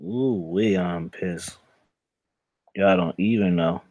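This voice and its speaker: A man's voice: low voice, steady tone, slow, long pauses, a little mellow. A man hosting a casual livestream chat, swearing and venting his frustration at the audience. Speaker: host.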